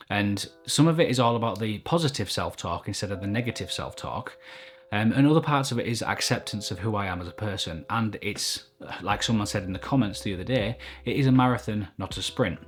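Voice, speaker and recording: Candid man, low voice. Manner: open, reflective, self-critical. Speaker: vlogger. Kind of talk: candid personal vlog. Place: indoors at home, upstairs. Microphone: camera mic at desk.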